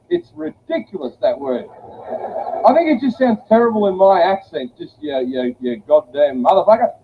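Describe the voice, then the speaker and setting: A man performing a blunt, profane stand-up comedy set. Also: very high-pitched. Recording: tinny phone-like audio with faint hiss.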